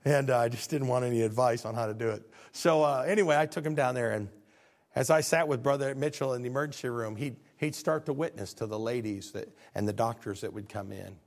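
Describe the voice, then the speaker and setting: A man's voice: mid-range voice, brisk. A male pastor preaching a sermon, telling stories and rising to fervent peaks.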